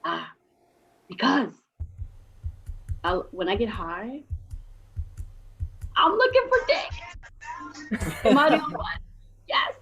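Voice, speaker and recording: A woman's voice: high voice, huge pitch swings, takes it slowly, gravelly, pauses often, fairly bright tone. A woman in her forties doing brash, raunchy stand-up comedy with punchy delivery. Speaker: stand-up comic. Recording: slightly dull recording with faint noise.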